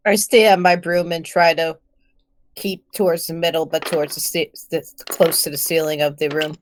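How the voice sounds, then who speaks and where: A woman's voice: low voice, flat delivery, normal speed. A woman playing a tabletop game, plainly describing what her character does. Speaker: player.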